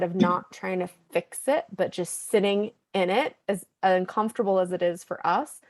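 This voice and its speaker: A woman and parent sharing in a group call, empathetic and lively as she recounts family moments. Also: medium pitch. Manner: empathetic, animated when quoting kids. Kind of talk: casual group discussion.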